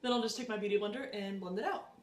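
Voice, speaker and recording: A woman vlogger chatting casually as she tries out makeup, animated and self-deprecating. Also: medium pitch, rapid-fire, reverberant, recorded from a distance. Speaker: beauty vlogger. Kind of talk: casual makeup tutorial chat.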